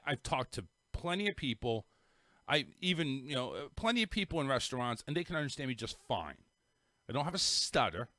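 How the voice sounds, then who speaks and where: Recorded cleanly in the studio without echo, a middle-aged man with a Northern US accent hosts a casual show. He wanders through a story, often restarting sentences and repeating himself, in a mid-range, somewhat bright voice.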